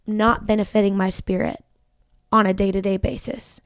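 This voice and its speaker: A woman's voice: mid-range voice, level tone, normal speed, no room sound, clean studio sound. A young woman, a podcast guest and country singer, talking earnestly about her faith and saying "like" a lot. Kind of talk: casual faith conversation.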